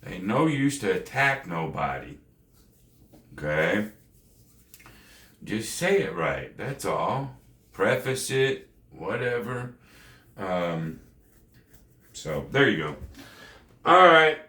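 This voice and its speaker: A man's voice: lowish voice, big pitch swings, slow pace, pauses often, pushed and bright, echoey room. A man hosting a gambling channel, talking late at night in a casual, slangy monologue and lecturing the viewer in a folksy way.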